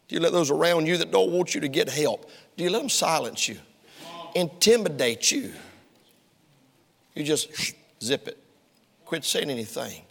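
Pastor man, sharp gravelly voice, folksy and fired up, long church echo. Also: high-pitched. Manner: folksy, emphatic, rising to loud heated preaching. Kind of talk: sermon. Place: church sanctuary. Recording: long reverb of a church hall.

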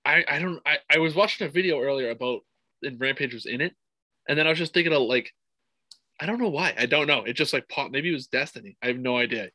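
A man co-hosting a casual podcast, talking excitably, swearing freely and acting out his own reactions. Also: medium pitch, fast talker, no echo. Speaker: podcast co-host. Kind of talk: casual fight-talk podcast chat.

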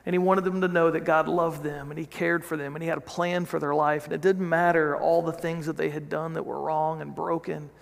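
Man, pastor, high gravelly voice, chatty storytelling sermon, restarts sentences, long church-hall reverb. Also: level tone, brisk, few pauses. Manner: conversational storytelling with frequent restarts.

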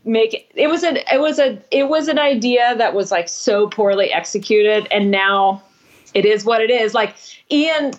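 A woman musician telling stories in a casual interview, rambling and swearing, acting out quotes in a higher voice. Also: normal speed, muffled recording, a little hiss or hum. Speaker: musician guest.

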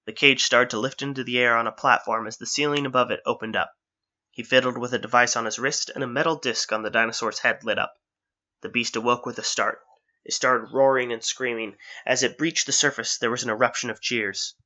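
A man narrating an adventure story in a steady, engaged reading style, on a dull lo-fi recording. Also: mid-range voice, fairly quick.

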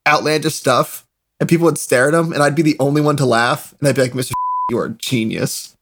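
A young man telling animated stories in a casual chat, laughing often. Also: mid-range voice, fast, background noise. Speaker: podcast co-host.

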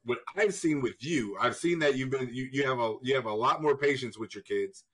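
A man's voice: mid-range voice, brisk, slightly rough. A man hosting a casual podcast chat, asking the others questions in turn and acting out the voices of people he quotes. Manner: animated, acts out quoted voices; asks the guests questions in turn. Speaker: podcast host.

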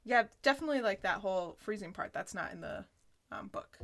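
A woman co-hosting a podcast, casually recapping a sitcom episode in an animated way, with lots of "like" and laughter. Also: mid-range voice, fairly quick. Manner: animated retelling, full of "like" and laughter. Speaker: podcast co-host.

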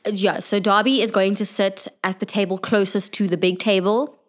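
A woman's voice: mid-range voice, fairly even intonation, moderate pace. A woman playing in a tabletop game, talking casually and playfully about her character. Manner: playful, laughs. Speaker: player.

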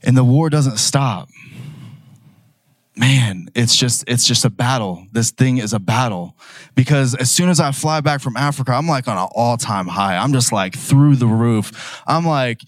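A young man preaching a sermon, telling a personal story in a casual, conversational way and building to loud, emphatic declarations. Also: mid-range voice, a little slow, no echo, clean studio sound.

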